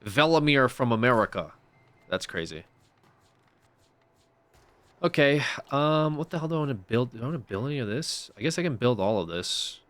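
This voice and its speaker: A man's voice: mid-range voice, very animated, normal speed, long pauses, dry recording. Exasperated young man streaming a game. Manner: exasperated, swears often. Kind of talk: casual gameplay commentary.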